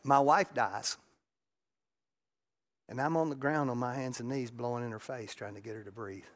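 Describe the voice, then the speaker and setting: A middle-aged man, preaching a sermon and telling a raw, emotional personal story that swings between loud and hushed. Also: medium pitch, steady tone, normal speed. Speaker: pastor.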